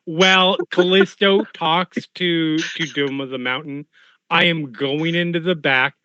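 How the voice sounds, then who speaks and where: Guy at a tabletop game, jokey, talks slow, bright voice, kinda dull mic. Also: a little high, clear, resonant tone, no echo. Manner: jokey, speaks in character in first person. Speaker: tabletop role-playing player. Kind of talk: casual game table chat.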